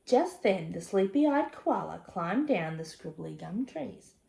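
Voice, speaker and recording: A woman reading a children's picture book aloud, with expressive, chatty asides to young listeners. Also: medium pitch, slow, vocal fry, echoey room. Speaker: storybook reader.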